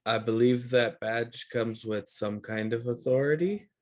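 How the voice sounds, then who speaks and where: Brief: a man as a polite doctor, mid-pitched, measured. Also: a little mellow, natural voice.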